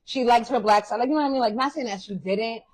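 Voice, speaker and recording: A woman co-hosting a casual chat, talking in a relaxed way that trails off softly. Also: on the high side, quick pace, rough recording. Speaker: podcast co-host.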